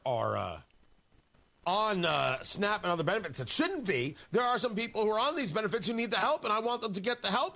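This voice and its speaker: A male talk radio host on a studio mic, his pitch sitting high and swinging widely as he argues. He sounds bright and sharp, pressing each point with combative emphasis and repeating lines for effect. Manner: combative and emphatic, with hammering repetition. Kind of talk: opinionated talk radio monologue.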